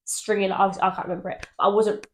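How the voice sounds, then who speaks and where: A young woman co-hosting a podcast, telling ghost stories in animated casual chat and swearing freely. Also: medium pitch, quick pace. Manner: animated storytelling, swears freely, laughs often. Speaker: podcast co-host.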